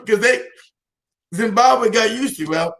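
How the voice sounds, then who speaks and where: A man's voice: high voice, expressive, takes it slowly, crowd noise. A man from the United States talking as an interview guest, emphatic, repeating himself and laughing between points. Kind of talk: heated interview talk.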